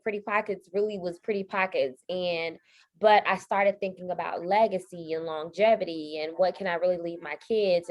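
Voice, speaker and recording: A woman hosting a podcast, responding to her guest in casual, affirming chat. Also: on the low side. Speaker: podcast host.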